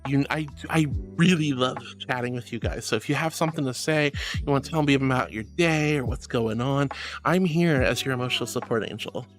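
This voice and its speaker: A woman's voice: a bass voice, fairly quick, soft background music. A woman live-streaming and chatting casually with viewers, affectionate and giggly, calling them sweetheart and hon. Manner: giggly, bubbly. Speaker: livestreamer.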